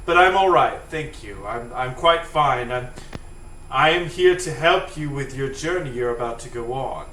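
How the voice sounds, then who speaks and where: Give me a man playing a proper, tea-sipping cell gentleman, crisp and bright, recorded in a roomy space. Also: mid-range voice, expressive, normal speed, a little hiss or hum, lightly acted. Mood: politely nervous. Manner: formal, polite, stammering reassurances. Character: prim, proper male immune cell who sips tea. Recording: echoey, distant mic.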